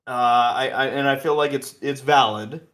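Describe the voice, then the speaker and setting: A man's voice: medium pitch, steady tone, moderate pace, fairly bright tone. A man hosting a podcast, chatting casually and animatedly with many restarts and asides. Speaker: podcast host.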